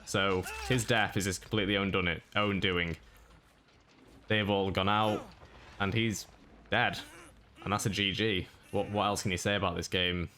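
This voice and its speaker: A man giving a monotone, matter-of-fact voice-over commentary on his own gameplay. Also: low voice, moderate pace, pauses often. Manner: monotone delivery. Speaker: gaming YouTuber.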